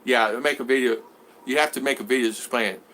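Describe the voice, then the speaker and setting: A man's voice: quick pace, a little hiss or hum. A man chatting on a live stream, answering viewers and acting out conversations as he rambles. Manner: animated, acts out both sides of conversations in a higher voice. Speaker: vlogger answering live chat.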